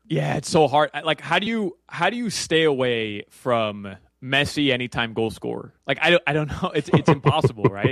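A soccer analyst, appearing as a guest, offers casual betting picks in a mid-range, fairly bright man's voice, recorded dry. He rambles through the sports betting chat with plenty of fillers and restarts.

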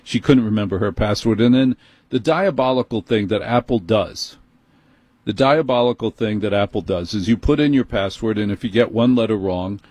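A husky-voiced radio host with a New York accent, close on a studio mic in a dry booth. He tells his story in an animated, indignant way. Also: fairly low pitch, moderate pace, no echo. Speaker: radio talk show host. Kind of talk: call-in talk radio monologue. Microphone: studio microphone.

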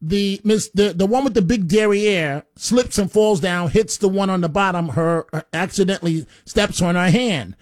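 A talk radio host, a man with a fairly high voice, holds forth in a blunt, rambling monologue and trips over repeated words. The sound is very dry and close, with no room around him. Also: moderate pace, hardly any pauses, no room sound. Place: radio studio.

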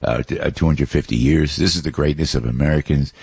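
A man's voice: very deep voice, fairly even intonation, fast talker, a little mellow, slightly rough, dry recording. A man, host of a show, telling a rambling, emotional story about his family with many restarts. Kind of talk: casual storytelling monologue.

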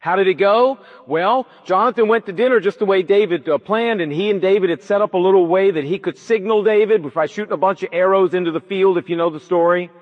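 A man preaching a sermon, retelling the scripture story in an animated way and acting out the quoted speech. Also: sits high, fairly quick, hardly any pauses, in a large hall, narrow, tinny audio. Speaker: pastor.

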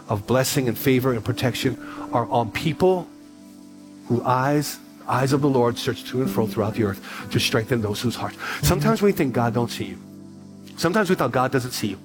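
A middle-aged man preaching as a pastor, telling stories in an animated way and repeating lines for emphasis. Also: fairly high pitch. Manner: animated, repetitive storytelling with rising emphasis. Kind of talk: sermon.

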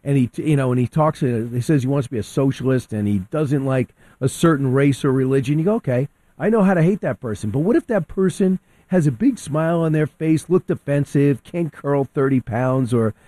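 A man's voice: medium pitch, fairly quick, few pauses, dry recording. A man on talk radio giving heated opinionated commentary, acting out quotes as he argues. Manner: animated, quotes people in acted voices.

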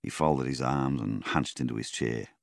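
A man reading a novel aloud as an audiobook narrator, measured and even. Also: rumbling low, creaky, no echo, studio quality. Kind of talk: scripted narration.

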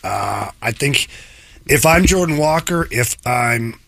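Gravelly, husky male sports co-host. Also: medium pitch, lively intonation, slow, a bit bright, no room sound. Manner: emphatic, repeats words, playful. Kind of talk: casual sports talk.

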